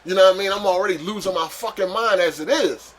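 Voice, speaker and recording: A young man telling a story in a casual vlog, animated and profane, with street slang and sudden high-pitched shouts for emphasis. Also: quick pace.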